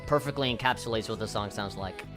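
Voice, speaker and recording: A man's voice: on the low side, fast. A man streaming a game, chatting casually in a rambling, laid-back way and swearing often. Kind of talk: casual live-stream chat. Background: game music.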